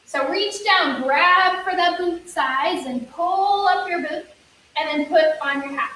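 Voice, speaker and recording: Woman, kids' yoga teacher, bright tense voice, sing-song, encouraging, faint hiss, echoey room. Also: very high voice, slow pace, distant mic. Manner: sing-song, encouraging, playful sound effects. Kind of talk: storytelling yoga class for kids.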